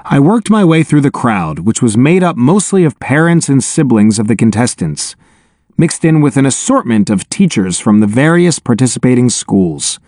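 Man, audiobook narration, wry first-person telling, animated pitch, close mic, dry studio. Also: normal speed, dry recording.

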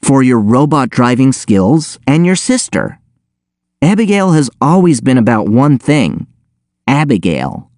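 A man's voice: medium pitch, very animated, measured pace, a little mellow, no echo, clean studio sound. A man reading aloud, voicing a cheerful, smug teenage boy genius in a breezy, matter-of-fact way.

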